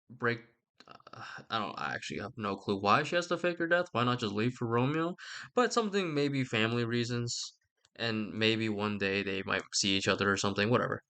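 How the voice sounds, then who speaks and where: A young man with a mid-range voice, vocal fry, and a sharp tone rambles through a sarcastic comedic recap of a book. He swears casually and does voices for the characters.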